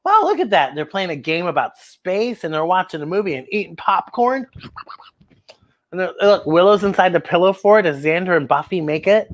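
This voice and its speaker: A woman reading a picture book aloud to children, animated and exclamatory, asking her young listeners questions. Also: on the low side, normal speed. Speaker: children's storyteller.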